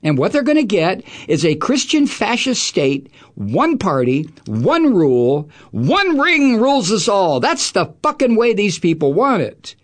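A man's voice: high-pitched, sing-song, measured pace, hardly any pauses. Furious profane middle-aged man ranting. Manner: angry, profane, sarcastic. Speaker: talk radio host. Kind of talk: political rant.

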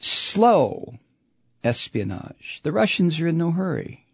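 A man delivering an animated, profane political rant, rambling with sudden whoops. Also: on the high side, slow, creaky, breathy edge, no room sound, studio quality. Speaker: political commentator.

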